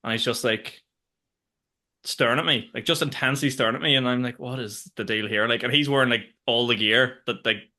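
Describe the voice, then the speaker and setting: A young comedian chatting on a podcast. He talks at a rapid clip with a bright, tense edge. His storytelling is loose and animated, and he swears freely. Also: mid-range voice. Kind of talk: casual comedic chat.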